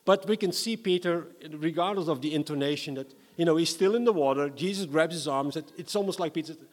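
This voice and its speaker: A man from the Netherlands, preaching a sermon in a lively, humorous way and reading scripture dramatically. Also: on the high side, fast, in a large hall.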